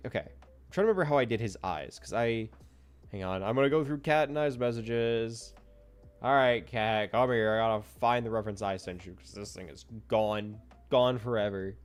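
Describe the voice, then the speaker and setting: A man's voice: lowish voice, normal speed, clean tone, soft background music. A man streaming live as a VTuber, chatting casually and rambling playfully to himself while he draws.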